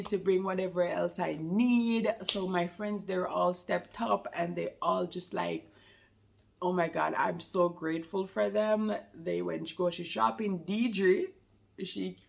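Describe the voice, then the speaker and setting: A woman's voice: on the low side, creaky, a bit bright, a little hiss or hum. A woman chatting casually to camera about being a new mother, rambling and laughing often, with a slight lingering cold.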